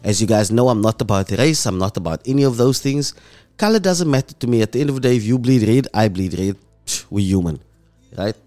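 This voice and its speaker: A man with a South African accent hosting an emotional commentary monologue, impassioned and dropping low and soft when moved. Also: animated, fairly quick, faint music behind. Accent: South African English. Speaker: host.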